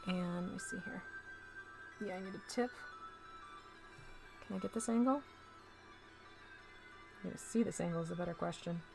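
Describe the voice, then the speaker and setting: A woman's voice: fairly low pitch, normal speed, creaky, pauses often, music in the background. A woman hosting a casual live stream, chatting to viewers as she paints miniatures and talks through each step.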